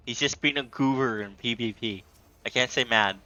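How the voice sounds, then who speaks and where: Playful man streaming a game, bright voice. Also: mid-range voice, normal speed, dry recording, dull audio, soft background music. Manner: playful, talks to enemies and chat. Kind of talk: live game commentary.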